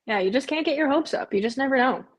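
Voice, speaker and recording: A woman's voice: sits high, lively intonation, fast. Chatty woman streamer answering viewers. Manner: frequent "um" fillers and repeats herself. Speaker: live stream host. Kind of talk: casual live watch-along chat.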